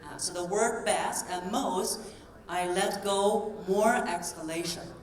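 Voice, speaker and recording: A woman voice coach giving a live stage talk, coaching the audience through breathing exercises in a clear, encouraging tone. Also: medium pitch, slow. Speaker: voice coach and keynote speaker. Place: convention hall stage. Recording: roomy hall sound from a distance.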